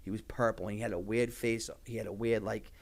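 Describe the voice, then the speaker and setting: A man's voice: lowish voice, little pitch movement, brisk, vocal fry. A young man, a podcast guest in casual talk, rambling with many fillers and heavy swearing.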